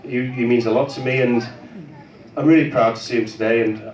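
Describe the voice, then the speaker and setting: A tipsy man gives a rambling best-man-style speech, swearing and hedging with ums between jokes. He sounds some way off from the mic in an echoey hall. A loud crowd of guests fills the room around him. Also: mid-range voice, fairly even intonation, quick pace, muffled recording. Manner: rambling and crude, with self-deprecating jokes and hesitations. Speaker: brother of the groom giving a wedding speech. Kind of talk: wedding speech. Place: wedding reception hall with guests. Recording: roomy echo, distant mic, loud crowd.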